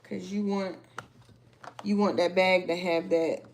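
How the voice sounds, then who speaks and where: Woman craft host, slow and chatty, teaching sewing on a live stream. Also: fairly low pitch. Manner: chatty, talks to viewers as "y'all", excited exclamations. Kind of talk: casual live sewing tutorial.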